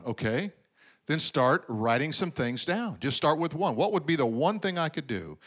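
With a slightly high, fairly bright voice that is very animated, a pastor preaches at a moderate pace. He acts out quotes and uses asides to get call-and-response from the crowd.

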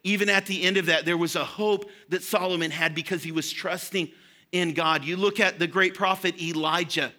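A man's voice: high-pitched, steady tone, normal speed, pushed and bright. A young adult man preaching an earnest, encouraging sermon to his congregation. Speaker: pastor.

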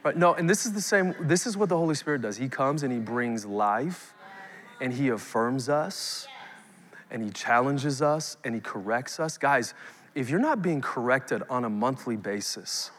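A man's voice: medium pitch, lively intonation, normal speed, a bit bright. A male pastor in his thirties preaching a live sermon, emphatic, with rising calls to the congregation. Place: church sanctuary. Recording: long hall reverb.

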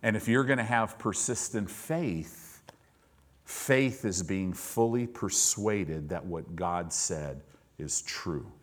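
A man preaching a sermon in a church, moving between loud, emphatic lines and hushed, low-voiced ones. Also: slow pace. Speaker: pastor.

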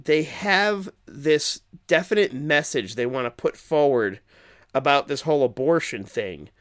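A man's voice: fairly high pitch, expressive, measured pace. A man co-hosting a podcast, reviewing horror films in a casual, rambling and profane way. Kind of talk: casual chat.

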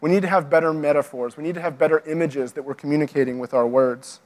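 A man's voice: on the high side, steady tone, quick pace, darkish tone. A man giving an earnest lecture to pastors and worship leaders, often restarting his phrases and using fillers.

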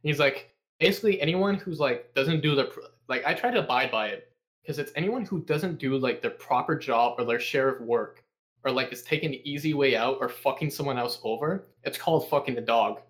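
A young man, a podcast guest, telling casual stories and swearing constantly in a sarcastic, animated way. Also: medium pitch, a little fast. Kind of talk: casual profane storytelling.

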